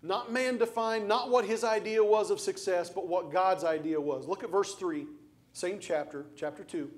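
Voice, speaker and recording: Male preacher, high-pitched, emphatic delivery with repetition and direct questions. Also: moderate pace. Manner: emphatic, repeats phrases for stress; asks the congregation direct questions. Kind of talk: sermon.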